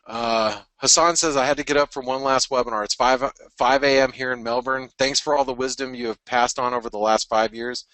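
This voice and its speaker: A man hosting a trading webinar, reading out listener messages in a casual, halting way with fillers and chuckles. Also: medium pitch, steady tone, fairly bright tone, no room sound, poor audio.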